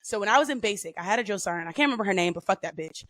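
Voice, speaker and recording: A woman guest on a podcast, telling stories in a casual, profane and animated way with lots of slang. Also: mid-range voice, racing, dry recording. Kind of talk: casual storytelling.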